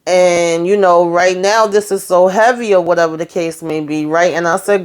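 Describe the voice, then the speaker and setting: A woman retelling a TV episode in a loose, chatty way, tossing in sassy asides. She speaks with a somewhat low voice, and her talk is full of fillers. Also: fairly even intonation, moderate pace, hardly any pauses, smooth. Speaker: show recapper. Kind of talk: casual recap commentary.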